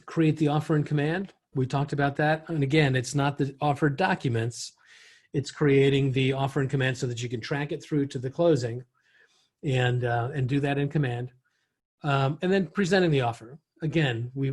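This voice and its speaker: A man's voice: medium pitch, moderate pace, darkish tone. Man teaching a real estate class. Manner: conversational, frequent restarts and fillers. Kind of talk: online training session.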